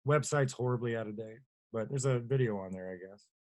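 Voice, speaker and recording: A man's voice: mid-range voice, brisk, darkish tone. A man speaks in a plainspoken, rambling way over a video call, often stopping to correct himself. He is a guest artist answering questions on a webinar. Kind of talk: webinar talk.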